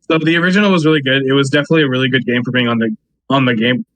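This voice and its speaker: A man's voice: mid-range voice, steady tone, very fast, a bit bright, dry recording, low-quality recording. Young man rambling, dry close mic. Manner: rambling, filler-heavy, laughs mid-sentence. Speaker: podcast co-host. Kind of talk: casual chat. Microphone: remote call with an earpiece.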